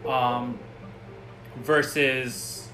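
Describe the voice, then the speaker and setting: A man co-hosting a casual podcast, making his point earnestly and hesitantly with many pauses. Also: mid-range voice, fairly even intonation, low-quality recording. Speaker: podcast co-host.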